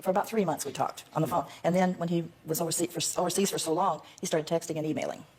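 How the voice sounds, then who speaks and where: An older woman giving earnest, emphatic answers as a talk show guest. Her voice is husky and a little low, and she talks quickly. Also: steady tone, darkish tone.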